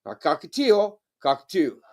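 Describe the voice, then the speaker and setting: A man's voice: on the high side, big pitch swings, normal speed, a little mellow. A man chatting casually on a live stream, rambling and swearing while stoned. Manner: rambling, swearing, laid-back. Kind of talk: casual chat.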